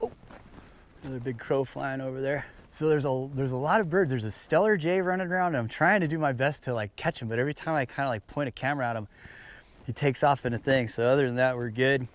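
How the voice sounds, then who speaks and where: A man's voice: mid-range voice, fast. A man chatting casually to the camera at a mountain campsite, talking to his dogs as he sets out snacks. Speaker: outdoor vlogger. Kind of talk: casual camp vlog talk.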